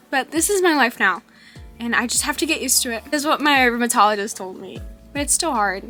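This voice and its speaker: A young woman talking candidly in a personal vlog about living with chronic illness, halting and full of fillers, with soft laughs. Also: a little high, animated, soft background music. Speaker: vlogger.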